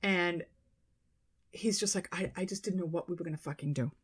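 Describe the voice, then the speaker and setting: Female podcast co-host, casual storyteller, animated, salty language. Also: lowish voice, brisk, slightly rough. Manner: animated retelling, swearing, quoting people in their voices.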